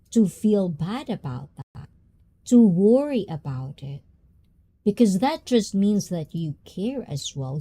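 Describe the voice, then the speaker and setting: A woman hosting a casual live-stream chat, talking in a reflective, drawn-out way with many fillers and asides to her viewers. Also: mid-range voice, dark tone. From Japan. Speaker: host.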